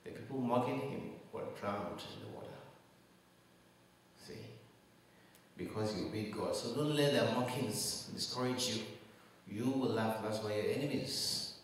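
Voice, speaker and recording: A pastor preaching in a low voice, building his points with emphatic rhetorical questions. He is heard from some distance off the mic, and his voice rings around a large, echoing church hall with a long reverb tail. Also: unhurried, pauses often, slight background noise. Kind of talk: sermon.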